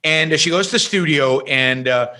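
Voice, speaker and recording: A middle-aged man, a podcast guest, telling a story in an emphatic, animated way. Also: fairly high pitch, moderate pace.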